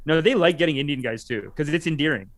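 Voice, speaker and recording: A man co-hosting a casual podcast talks fast and jokes around, and his voice rides up and down in pitch. His voice sits a little above the usual male range. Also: animated. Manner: quick, jokey, laughs often. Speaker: podcast co-host.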